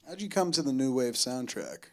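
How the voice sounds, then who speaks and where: A man's voice: mid-range voice, expressive, moderate pace, fairly bright tone. A man hosting a film panel, moderating audience questions with loose, joking, profane banter. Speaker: moderator host. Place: cinema auditorium.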